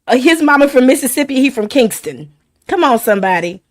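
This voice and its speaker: A woman commenting over a video, mocking what she sees with sassy, laughing asides. Her voice sits a little high and sounds dry and close. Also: big pitch swings, brisk, no echo. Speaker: reaction commentator. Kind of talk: reaction commentary.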